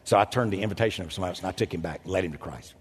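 An older man preaching a storytelling sermon, animated and self-mocking, with a husky voice. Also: racing, a little hiss or hum. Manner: animated, self-mocking, jumps into loud high quoted voices. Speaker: pastor. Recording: echoey hall.

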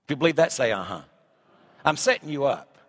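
A man's voice: a little high, fast. A man preaching a sermon in a church, reading scripture and asking the congregation emphatic rhetorical questions. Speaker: pastor. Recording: long hall reverb.

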